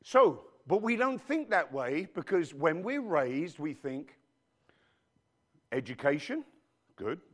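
A male pastor who grew up outside the United States preaches a sermon in church, his voice a little high, a bit bright, and very animated. He speaks slowly with long pauses, repeatedly calling out questions to the congregation in call-and-response style.

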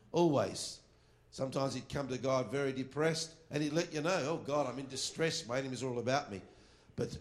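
A man preaching a sermon on worship. He reads scripture aloud slowly and firmly and drops into quiet asides. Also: medium pitch.

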